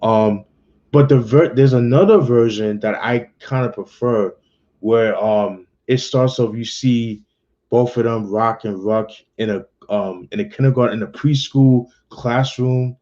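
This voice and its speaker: A man giving a casual, slangy album review, relaxed and loose with lots of fillers. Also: medium pitch, unhurried, dull audio. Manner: laid-back, slangy, many fillers and restarts.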